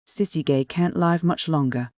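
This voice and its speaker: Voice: mid-range voice, moderate pace, darkish tone, dry recording, studio quality, natural voice. The reader voicing a stern, condescending older uncle.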